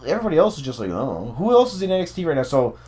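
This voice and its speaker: A man co-hosting a podcast, talking in an animated, profane way with emphatic asides. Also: sits high, racing. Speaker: podcast co-host. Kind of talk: casual wrestling chat.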